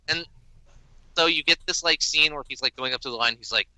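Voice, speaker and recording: A podcast host with a sharp, medium-pitched voice rants quickly about a cartoon reboot on a casual show, sarcastic, exasperated and swearing heavily. The rough recording has no echo.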